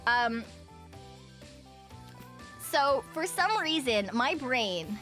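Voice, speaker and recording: A woman's voice: high-pitched, animated, very slow, bright, forceful tone, faint music behind. A woman streamer chatting casually, giggling often and rambling with lots of fillers and self-corrections. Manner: giggly, laughs often between sentences. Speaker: VTuber streamer.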